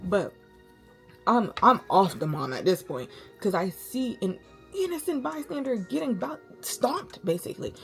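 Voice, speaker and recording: A young woman vlogger telling a story in a slangy, animated way, full of dramatic asides. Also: medium pitch, moderate pace, gravelly, faint music behind. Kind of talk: storytime vlog.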